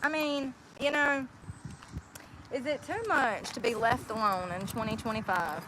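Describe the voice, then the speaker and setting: A woman's voice: a little high, fairly even intonation, a little slow. A woman hosting a casual live stream, talking to her viewers in a sarcastic, mocking way and laughing often. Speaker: livestream host talking to viewers. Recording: noisy outdoor street sound.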